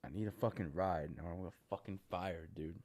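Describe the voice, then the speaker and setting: This vlogger has a deep, slightly mellow voice and a steady tone, and he talks a little fast. He vents in a repetitive, frustrated rant full of swearing, tagging "dude" onto the end of his lines.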